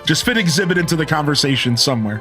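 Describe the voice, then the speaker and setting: A man's voice: fairly high pitch, expressive, fast talker, bright, forceful tone, soft background music. A man in his thirties rambling casually with his live-stream viewers, chuckling and thanking them by name. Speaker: game streamer.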